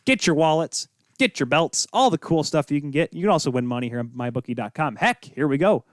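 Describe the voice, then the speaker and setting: A man's voice: a little high, expressive, a little fast, dry recording, clean studio sound. A young man hosting a solo sports talk show, rambling off on tangents with self-deprecating asides, tired from little sleep. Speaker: podcast host.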